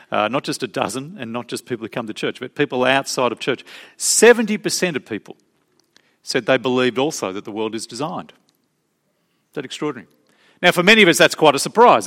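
A man preaching a sermon as pastor, emphatic, slowing down to stress key phrases. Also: mid-range voice, fairly bright tone. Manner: emphatic, varied pace with slow stressed phrases.

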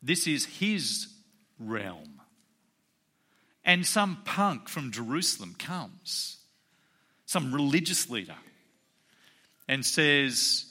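A man preaching a sermon in a conversational way, acting out the quoted voices with sudden jumps in pitch. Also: slow pace, pauses often, slightly rough. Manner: animated, acts out quoted voices with rising pitch; conversational, with fillers. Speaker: pastor.

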